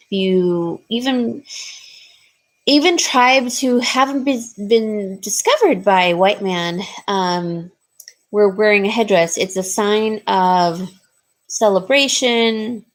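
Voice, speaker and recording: A woman casually showing and describing jewelry for sale, rambling with frequent ums and restarts. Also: medium pitch. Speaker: jewelry seller. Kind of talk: casual jewelry showcase talk.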